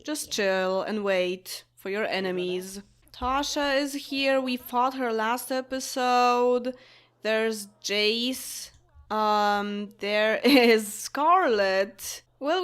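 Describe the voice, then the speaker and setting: Young woman, native Polish speaker, game commentator: chatty, laughs often, fairly high voice. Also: a bit bright. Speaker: gameplay commentator. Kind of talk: casual let's-play commentary.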